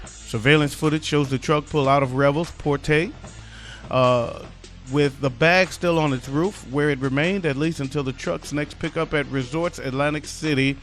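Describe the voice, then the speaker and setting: Wisecracking male podcast host. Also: a little high. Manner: wisecracking, loose and profane. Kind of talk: comedic news talk show.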